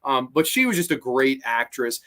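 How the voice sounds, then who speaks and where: A man's voice: medium pitch, moderate pace. A man hosting a casual live-stream movie chat, rambling and swearing a lot as he gets worked up. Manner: rambling, profane, animated. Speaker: host.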